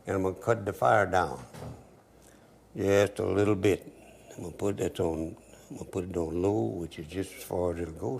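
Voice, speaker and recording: Older man, a cooking host, low gravelly voice, joking and easygoing. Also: a little hiss or hum. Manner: easygoing, joking, dialect grammar. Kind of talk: folksy cooking demonstration with storytelling.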